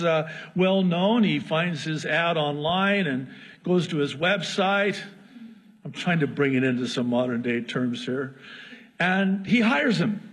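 A man preaching a sermon, telling a story in a lively, joking way with asides. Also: high-pitched, breathy edge. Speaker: pastor. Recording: long hall reverb.

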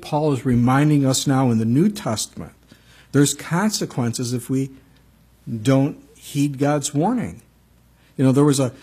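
Speaking at medium pitch, this man's voice sounds slightly mellow and husky. He is a pastor giving a sermon in a conversational style, reading scripture, sharing stories, and frequently addressing asides to his congregation.

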